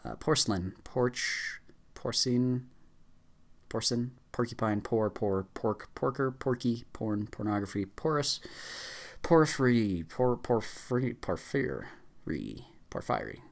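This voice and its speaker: A man reading a long list of words aloud as fast as he can, stumbling now and then with fillers and restarts. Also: mid-range voice. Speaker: YouTuber. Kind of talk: rapid word-list reading.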